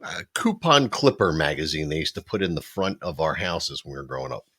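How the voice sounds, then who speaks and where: A man's voice: extremely low pitch, very animated, fairly quick, a bit bright, breathy edge. A middle-aged man, co-hosting a podcast and telling rambling, laughing stories in casual chat. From Philadelphia. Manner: rambling, laughing storyteller with frequent restarts. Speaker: podcast co-host. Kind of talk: casual nostalgic storytelling.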